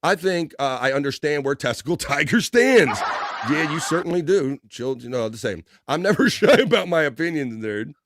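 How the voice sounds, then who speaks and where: A man hosting a casual livestream, reading viewer comments aloud in a loose, joking way with bursts of excitement. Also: on the high side, moderate pace, no room sound. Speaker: livestream host.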